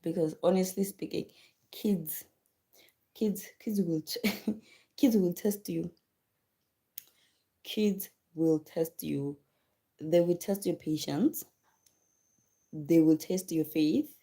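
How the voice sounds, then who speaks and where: A woman hosts a casual live stream and chats to her viewers about motherhood. Her voice sits low and mellow. She stacks repeated words for emphasis and drops in quick thanks to commenters by name. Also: breathy edge. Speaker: livestream host and mother.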